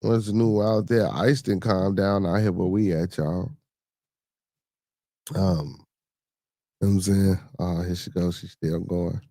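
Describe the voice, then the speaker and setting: Chill podcast guy answering the chat, kinda low voice, dry close mic. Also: steady tone, unhurried, pauses often, dark tone, no room sound. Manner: laid-back, talks back to chatters with loose slang. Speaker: podcast host reading live chat. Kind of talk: casual live-stream chat.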